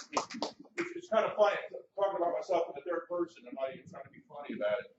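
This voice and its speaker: A high, animated man in his forties doing a stand-up set, hesitating and restarting as he tells stories. He is heard from far back in a very echoey club. The sound is muffled, with faint noise behind him. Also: very fast. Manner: storytelling with nervous hesitations, leads crowd chants. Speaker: comedian. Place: comedy club stage.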